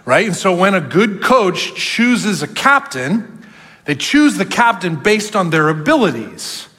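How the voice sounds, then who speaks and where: Male pastor, high and lively voice, sermon in a big echoing church hall, animated preaching. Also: measured pace, husky.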